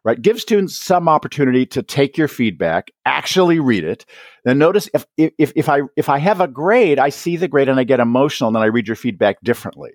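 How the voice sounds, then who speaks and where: A man as a guest on an education podcast, explaining his ideas and acting out quick exchanges between teachers and students. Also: mid-range voice, no room sound, clean studio sound. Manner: animated, acts out teachers and students in quick asides. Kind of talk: podcast interview.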